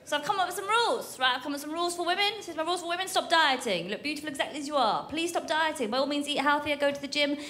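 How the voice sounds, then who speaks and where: A woman's voice: high voice, rapid-fire, hardly any pauses, bright, forceful tone. A woman doing a brash stand-up routine on a comedy stage, swearing freely and talking straight to the crowd. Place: comedy club stage with audience. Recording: live stage recording with audience noise.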